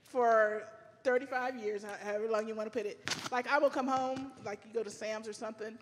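A woman's voice: a little high, fairly even intonation, brisk, slight background noise. A woman co-leading a sermon, teasing and candid as she tells a story. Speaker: pastor's wife, co-pastor. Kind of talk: conversational sermon. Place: church sanctuary. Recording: long church hall reverb.

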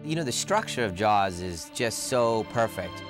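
A man's voice: lowish voice, expressive, unhurried, music in the background. A man giving thoughtful interview commentary on a film, using many fillers.

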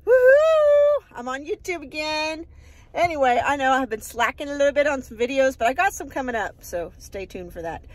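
A cheerful woman talks loosely to her followers outdoors, wandering from topic to topic with plenty of "uh"s. Her voice sits a little high for a woman, friendly and folksy. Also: animated, fairly quick, dry recording. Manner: folksy and upbeat, rambling with fillers. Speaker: vlogger. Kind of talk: casual chatty vlog.

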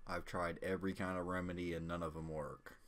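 Male gamer, deep voice, laid-back commentary into a desk mic, hiccuping throughout. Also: fairly quick, a little hiss or hum. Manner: relaxed, chatty, with small hiccups between phrases. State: has the hiccups. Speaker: gameplay commentator. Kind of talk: casual game commentary. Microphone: desk microphone.

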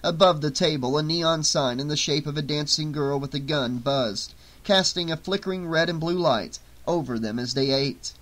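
A man narrating an audiobook in a steady, clear reading voice. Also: fairly high pitch, normal speed, few pauses.

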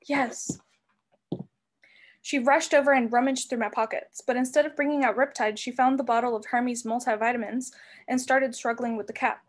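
A woman reading a novel aloud as narrator, with expressive storybook delivery. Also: a little high, a little fast. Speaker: reader.

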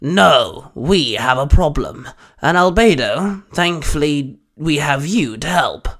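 A commanding old alien mentor gives firm orders in an audio story, voiced by a man. The tone is snappish and loud, a little higher than ordinary speech. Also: animated, takes it slowly, exaggerated voice. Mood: stern.

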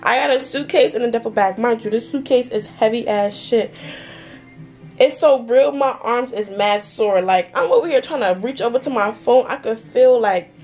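A woman's voice: fairly high pitch, normal speed, darkish tone, faint music behind. A young woman, ranting in a casual storytime vlog, heated and full of swearing and filler words. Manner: heated, profane ranting with lots of "like" and "mind you". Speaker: vlogger.

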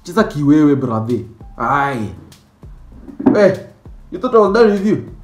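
A man doing a comic monologue about school types, animated and mock-outraged, dropping Swahili slang. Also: on the high side, unhurried, roomy sound, soft background music. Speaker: comedy sketch creator. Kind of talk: comedic monologue with skits.

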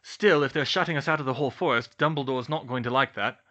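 A man's voice: mid-range voice, quick pace, pushed and bright, lo-fi sound, natural voice. A man voicing a cheeky teenage boy wizard, casual and chummy.

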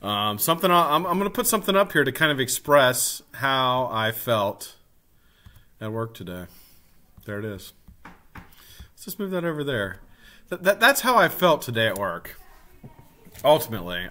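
Animated, swearing male vape streamer. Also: medium pitch, moderate pace, long pauses. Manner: animated, swears freely, greets viewers by name. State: tired. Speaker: live stream host. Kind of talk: casual live stream chat.

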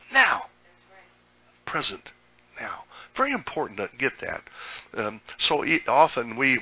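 A man's voice: medium pitch, no room sound. Folksy preaching man, muffled recording. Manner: folksy, conversational preaching with frequent restarts. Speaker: pastor. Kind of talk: sermon.

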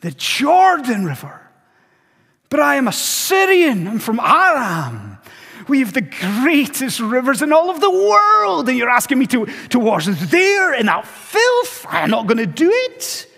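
A man voicing a proud, furious foreign army commander who shouts with indignation in a high, strained voice. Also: wildly swooping pitch, measured pace, vocal fry, exaggerated voice. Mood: furious indignant. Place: church sanctuary. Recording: long church reverb.

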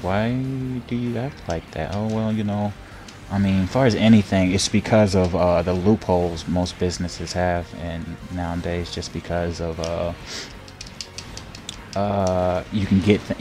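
A deep-voiced young man chats loosely over his gameplay, stumbling over his words and doubling them up. He laughs a lot and turns loud and excited when things go wrong on screen. Faint game music runs underneath. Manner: rambling, repeats words, laughs often, gets loud and excited when hit. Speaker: gameplay streamer. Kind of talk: casual gameplay commentary.

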